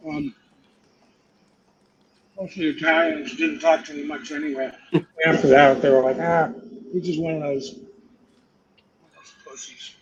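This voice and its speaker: An older man, a guest actor, telling profane, animated stories about his career to a live audience and acting out the quotes. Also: fairly high pitch, moderate pace, long pauses, dull audio, crowd noise. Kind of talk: anecdotal storytelling to a live audience.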